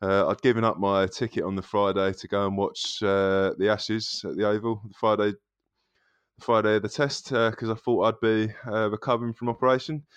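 A man's voice: fairly low pitch, flat delivery, moderate pace, clean tone, dry recording. A man on a football podcast panel, chatty and easygoing, laughing as he tells stories. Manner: chatty, laughing, stumbling restarts. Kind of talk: casual football podcast chat.

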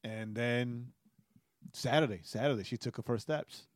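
A young man from Puerto Rico co-hosting a podcast, telling family stories in a lively, laughing way. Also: mid-range voice, unhurried, no room sound. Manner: animated storyteller, laughs often. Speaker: podcast co-host. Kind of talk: casual chat.

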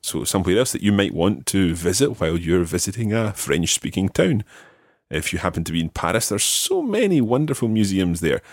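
Deep-voiced man teaching a podcast lesson. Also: sing-song, dry recording, studio quality. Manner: patient, repeats words slowly for practice. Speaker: language teacher and podcast host.

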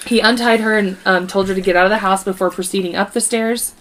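A woman's voice: mid-range voice, fairly even intonation, fast talker, fairly bright tone. Woman reading a true crime case aloud. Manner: reads from notes with stumbles and asides.

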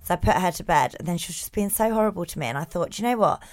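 A woman in her thirties, co-hosting a casual chat and telling stories in an animated, swearing style. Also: on the low side, racing. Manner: animated storytelling, swears freely, acts out quotes. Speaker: podcast co-host.

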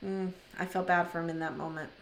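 A woman's voice: lowish voice, steady tone, brisk, gravelly, a bit bright, a little hiss or hum. A woman co-hosting a podcast, giving opinionated, sympathetic commentary in casual chat. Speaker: podcast co-host.

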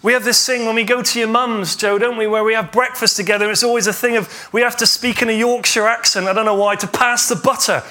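A man preaching a sermon as pastor, retelling a story with lively acted-out dialogue. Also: high voice, quick pace, few pauses. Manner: animated storytelling, acts out imagined dialogue.

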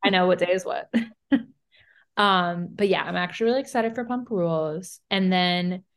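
Blunt, swearing young woman podcaster. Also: lowish voice. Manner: blunt, swearing, quick asides. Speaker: podcast co-host. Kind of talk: casual reality TV chat.

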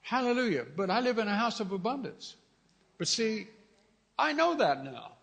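A man's voice: sits high, big pitch swings, moderate pace, creaky, a bit bright. A middle-aged man preaching a fervent sermon as pastor, repeating his phrases and calling out hallelujahs. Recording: long reverb of a large hall.

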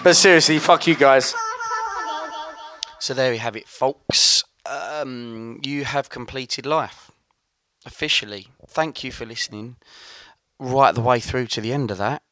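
A man's voice: mid-range voice, a little slow, sharp tone, no echo, soft background music. A man hosting a podcast, closing the episode in a dry, joking, offhand way. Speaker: podcast host. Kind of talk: podcast sign-off.

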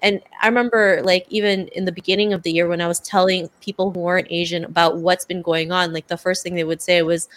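A woman's voice: lowish voice, little pitch movement, quick pace, few pauses. Earnest woman guest, filler-heavy. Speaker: podcast guest. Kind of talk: casual interview conversation.

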